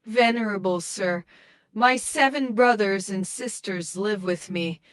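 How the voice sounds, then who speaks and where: A woman's voice: medium pitch, a little slow, close to an everyday voice. A woman voicing a humble, devout young widow with a sick baby, speaking respectfully and pleadingly.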